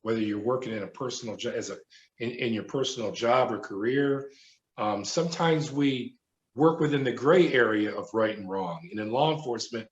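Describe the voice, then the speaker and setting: A middle-aged man, a former prison guard, recounting his experiences as a podcast guest in an animated storytelling manner. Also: medium pitch, moderate pace. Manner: animated storyteller who acts out quoted voices. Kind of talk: storytelling interview. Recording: roomy, dull remote audio.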